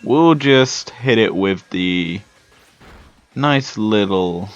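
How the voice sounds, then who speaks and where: A young British man giving relaxed, chatty commentary while playing a video game. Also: on the low side. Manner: slow, laid-back, chatty. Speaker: Let's Play host. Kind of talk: casual gameplay commentary. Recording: dull lo-fi sound with faint music.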